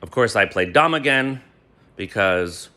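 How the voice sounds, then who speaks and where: A man telling a personal story to a friend, animated and swearing freely. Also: lowish voice, measured pace. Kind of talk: gleeful personal anecdote.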